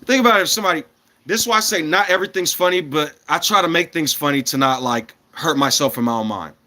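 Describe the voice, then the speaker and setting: A man in his thirties holds forth to his livestream viewers in a loose, rambling way, hopping between thoughts. His voice sits a little high and sounds bright and forceful. He chuckles often and swings between loud bursts and quiet, mumbled asides. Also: fast. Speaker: livestreamer talking to chat. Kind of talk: casual rambling livestream chat.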